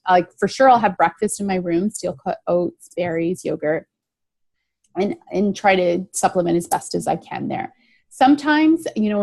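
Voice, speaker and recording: Her mid-range, slightly mellow voice comes through with no echo. She's a middle-aged woman answering interview questions about her recovery, reflective, earnest and emphatic, and she frequently repeats key phrases.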